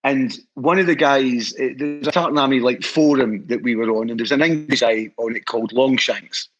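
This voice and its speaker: As a guest on the show, the head of a historical society, a man from Scotland, spins stories enthusiastically, wandering off and restarting often in relaxed chat. He speaks at normal speed in a medium pitch, the high frequencies are missing, and soft music plays behind him.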